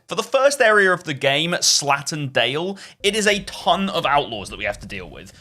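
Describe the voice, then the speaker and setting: Bright, lively British gaming narrator man. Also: on the high side. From United Kingdom. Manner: upbeat, jokey, exclamatory. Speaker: gaming YouTuber. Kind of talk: game playthrough commentary.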